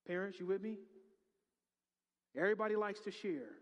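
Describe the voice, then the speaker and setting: A middle-aged male pastor delivers a lively sermon in a fairly high voice. He drops to quiet prayer and then bursts out loudly. His words ring with the long reverb of a big church hall. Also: normal speed, pauses often. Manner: animated, swings from hushed prayer to loud exclamations.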